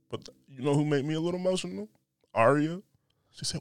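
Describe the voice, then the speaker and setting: A man rambling through a casual solo podcast, loose and jokey, with plenty of swearing. His voice sits at an ordinary middle pitch, and the recording is close and dry with no room sound. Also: normal speed, long pauses, no echo. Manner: loose, joking, profane, rambling. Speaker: podcast host. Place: indoors by a window. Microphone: podcast mic.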